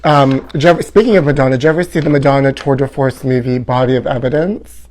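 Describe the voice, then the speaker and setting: A man's voice: mid-range voice, fairly even intonation, quick pace, darkish tone. A man hosting a live gossip stream from home in a campy, theatrical way, reading viewer comments aloud and calling everyone honey. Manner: reads fan comments aloud. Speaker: host.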